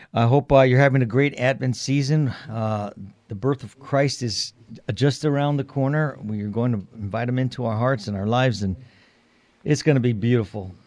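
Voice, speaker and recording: A man's voice: mid-range voice, a little mellow. A man co-hosting a morning radio show in a studio, telling a story with many restarts and fillers. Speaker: radio co-host. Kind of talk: casual radio talk.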